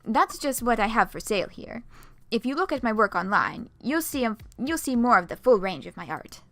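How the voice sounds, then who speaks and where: A woman's voice: medium pitch, expressive, fast, a bit bright, no echo, lightly acted. A woman voicing a cynical, brash female troll artist in a game, with a faint put-on French accent and a blunt, crude manner. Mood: smug.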